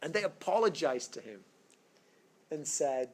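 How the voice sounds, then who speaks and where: This screencast captures a casual physics lecture from a man whose slightly high voice is husky and swings widely in pitch. Moving at a moderate pace, he explains things step by step, rambling, restarting sentences and dropping in frequent fillers.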